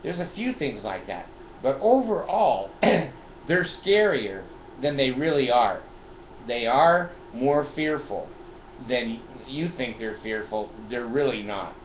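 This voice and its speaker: A man's voice: medium pitch, lively intonation, slow pace. Older man, casual car vlog, chatty and laughing, roomy echo, dull lo-fi sound, faint hiss. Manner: chatty, laughs often, jokey and profane. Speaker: video host. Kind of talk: casual vlog, showing his phone and car gadgets. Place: in his car.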